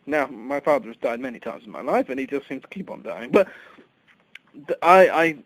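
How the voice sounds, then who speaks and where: A man rambling through an improvised comic monologue, stammering, sinking to breathy whispers and then bursting out loud. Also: mid-range voice, expressive, normal speed, no room sound, low-quality recording. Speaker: comic character host.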